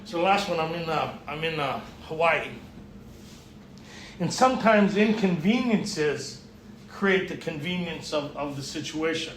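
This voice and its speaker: A man's voice: on the high side, animated, unhurried, a bit bright, slight background noise. A man speaking at a recovery retreat, telling a personal testimony and acting out the dialogue, often laughing. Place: retreat meeting room. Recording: echoey room, mic far off.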